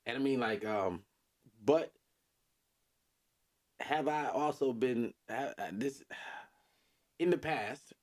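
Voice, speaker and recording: A man's voice: medium pitch, slow, long pauses, darkish tone. A man hosting a casual podcast chat, laid-back and rambling, with many fillers and chuckles. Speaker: podcast host.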